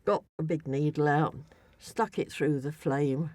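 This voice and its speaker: A woman's voice: sits low, unhurried, a little mellow, no echo. An older woman, a podcast guest, tells a travel story in a rambling, hesitant way, full of restarts and fillers. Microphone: studio mic.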